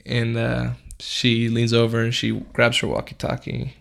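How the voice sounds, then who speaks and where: A young man with a gravelly, creaky edge to his voice and an everyday middle pitch. He tells a podcast story in a loose, unhurried way, heavy on slang and swearing. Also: monotone, fairly bright tone. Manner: laid-back, profane, slangy storytelling. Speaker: podcast host. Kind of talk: casual storytelling.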